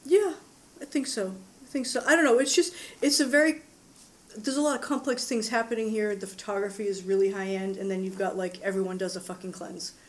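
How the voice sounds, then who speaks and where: A woman's voice: medium pitch, fairly even intonation, brisk, slight background noise. A woman co-hosting a casual podcast book review, giggly and a little tipsy. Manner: giggly, reading out recipes. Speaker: podcast co-host.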